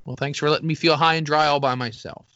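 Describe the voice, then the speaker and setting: A man's voice: on the high side, steady tone, fast, pushed and bright, dry recording, lo-fi sound. A man chatting casually as a co-host, rambling and poking fun at himself. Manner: rambling, self-deprecating, laughs often. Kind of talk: casual banter.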